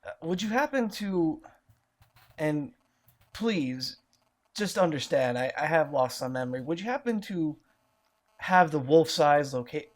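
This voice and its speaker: A man's voice: fairly high pitch, expressive, unhurried, long pauses. A man voicing a polite time-traveling man who has lost his memory, speaking formally and hesitantly. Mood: politely hesitant.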